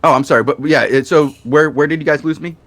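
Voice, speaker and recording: A man's voice: fairly high pitch, quick pace, no echo. Man telling a gaming story, dry mic. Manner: storytelling, animated. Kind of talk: casual storytelling chat.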